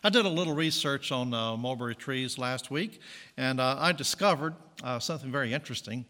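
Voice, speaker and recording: A man preaching a sermon in a relaxed, conversational way, stopping to correct himself and slip in jokey asides. His voice sits at an ordinary middle pitch, and a long hall reverb trails behind each phrase. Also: fairly quick. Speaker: pastor.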